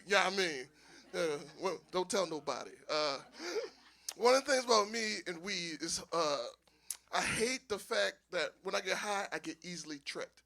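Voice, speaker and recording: A man from doing a stand-up comedy set, telling loose stories and laughing often at his own jokes. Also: high voice. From Philadelphia. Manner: loose, animated storytelling with frequent laughs. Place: small live venue with audience.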